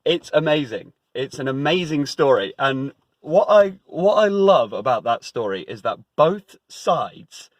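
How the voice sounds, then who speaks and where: A man's voice: medium pitch, no room sound. A man giving a casual, emphatic spiritual talk, conversational with many repeats and fillers.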